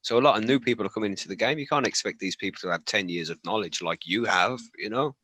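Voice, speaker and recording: Bright-toned man from the UK, blunt. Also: fairly low pitch, fast talker, breathy edge. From United Kingdom. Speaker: podcast panelist. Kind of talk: casual chat.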